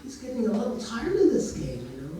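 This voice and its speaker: A man's voice: very high-pitched, wildly swooping pitch, fast talker, mellow, very echoey, recorded from a distance, a little hiss or hum, rough recording. A man telling a story in a casual way, now and then putting on voices for the characters. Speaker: storyteller and therapist.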